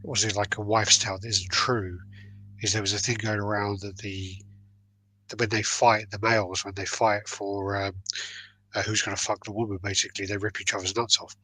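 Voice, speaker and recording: A man's voice: on the low side, level tone, fairly quick, pushed and bright, breathy edge, poor audio. A man hosting a casual podcast, swearing freely and rambling through stories. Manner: swears freely, loose storytelling with fillers. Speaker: podcast host.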